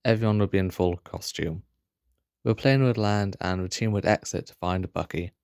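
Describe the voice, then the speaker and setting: A man reads his own fan story pitch aloud, breaking off now and then for casual asides. His voice is very deep. The sound is dry and close to the mic. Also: moderate pace, creaky, darkish tone, smooth, dry recording. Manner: casual asides between narration.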